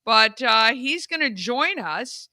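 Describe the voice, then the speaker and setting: A woman's voice: a little high, animated, slow, bright, forceful tone, no echo. A woman hosting a live morning show, chatting in an effusive, bubbly way. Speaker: host.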